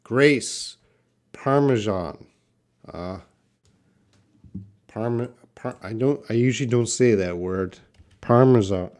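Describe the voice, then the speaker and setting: A man teaching English pronunciation in a live online class, drawing out words slowly and answering questions from the chat. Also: mid-range voice. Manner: slow, drawn-out word repetition for learners.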